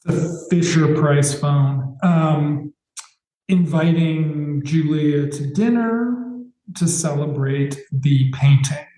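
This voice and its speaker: A man with a mellow, slightly high voice recaps a TV episode for his podcast co-host. He talks in sarcastic, loose chat, dropping the odd swear. The sound carries echo from the room. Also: slow pace.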